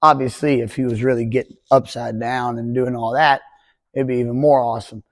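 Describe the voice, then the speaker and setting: A man's voice: medium pitch, fairly even intonation, fairly quick, dry recording. Casual young male pole vault coach. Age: 20s. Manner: rambling, conversational, jokey. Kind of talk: casual podcast talk.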